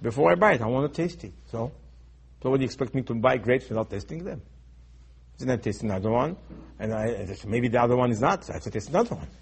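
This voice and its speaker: A man with a delivery giving a sermon, telling stories dramatically and swinging between loud outbursts and hushed lines. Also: mid-range voice, expressive, quick pace, husky. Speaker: rabbi giving a Torah talk.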